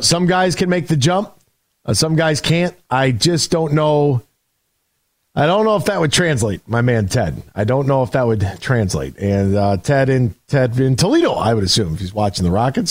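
A man's voice: on the high side, no echo, clean studio sound. A man hosting a sports radio show in a casual, emphatic style, often restarting his sentences. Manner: conversational, emphatic, frequent restarts.

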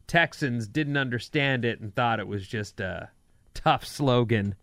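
A man's voice: unhurried, no echo, studio quality. A man hosting a radio show, telling stories in casual banter and jumping into other voices as he goes. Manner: animated storyteller, jumps in pitch for voices.

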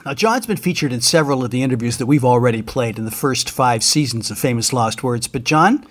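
A man's voice: medium pitch, a little fast, fairly bright tone. An older man hosting an interview podcast, introducing the guest and asking curious questions. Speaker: host.

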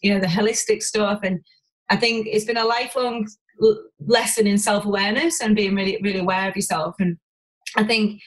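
A woman talking frankly as an interview guest. She rushes through her thoughts, tumbling over restarts and casual swearing. Her voice sits in a middle register. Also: medium pitch, low-quality recording. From Warrington, England. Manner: rapid, animated, swears freely, many restarts. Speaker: podcast guest, business owner. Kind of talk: candid conversational interview.

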